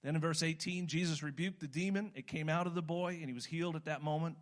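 An older American man, a pastor, preaching a sermon in a conversational way that turns animated when he stresses a point. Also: a little high, fast talker. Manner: conversational, rising to animated emphasis.

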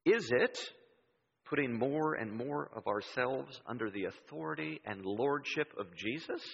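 A man preaching a sermon in a church, telling stories in an animated way and acting out the voices he quotes. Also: mid-range voice, measured pace, creaky, breathy edge. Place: church sanctuary. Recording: dull sound with long hall reverb.

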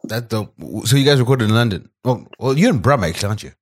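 A man co-hosting a podcast, joking and hyping up his guest in expressive, casual talk. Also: medium pitch, racing, a little hiss or hum. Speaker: podcast co-host.

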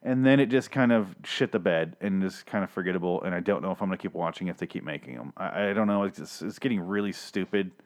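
This TV show reviewer has a low voice and talks fast with few pauses, ranting through a casual solo recap. He is sarcastic and profane, rambling and restarting frequently.

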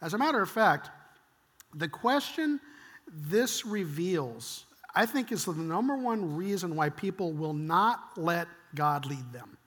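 An older man preaching a sermon, conversational and animated, acting out quoted lines and dropping to hushed whispers. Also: a little high, slow, long reverb tail. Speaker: pastor.

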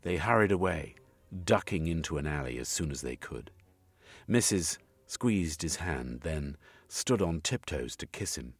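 A man reading scripted narration for an audiobook with expressive, varied intonation. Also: very deep voice, a little slow, slightly rough, no echo, soft background music.

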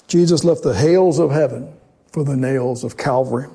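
A man preaching a sermon in a measured, emphatic way, slowing down for dramatic pauses. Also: medium pitch, dark tone, husky.

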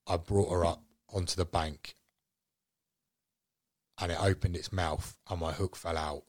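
A man, a guest angler, telling a fishing story in a casual, animated way. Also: low voice, measured pace, dry recording, studio quality.

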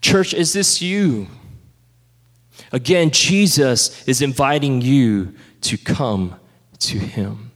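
A man preaching a sermon as pastor, conversational and animated, sometimes dropping to a hush. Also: mid-range voice, slow pace. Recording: reverberant hall.

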